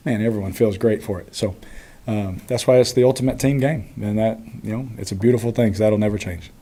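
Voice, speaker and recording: A man in his thirties, a quarterback answering postgame press questions in a relaxed way with frequent chuckles and fillers. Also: lowish voice, a little fast.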